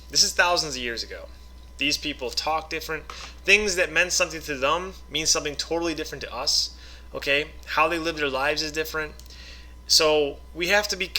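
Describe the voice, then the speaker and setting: A man with a fairly high voice and a piercing, very bright tone teaches scripture casually. He reads passages aloud, then talks them through in a loose, conversational way, often pausing to ask "okay?" or "right?". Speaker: online Bible teacher.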